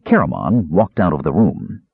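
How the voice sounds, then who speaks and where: A man narrating a fantasy audiobook with a very expressive delivery. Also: low voice, moderate pace, vocal fry, breathy edge, dry recording. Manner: very expressive, wide-ranging delivery. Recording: dry, tinny phone-like sound.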